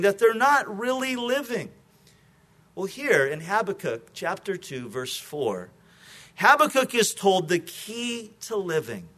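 Male pastor, sermon delivery, high voice with an animated, joking manner.

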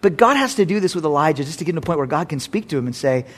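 High-voiced pastor preaching with animated storytelling. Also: male voice, racing. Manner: animated storytelling, acting out characters; swings between loud emphasis and quiet asides. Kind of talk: sermon.

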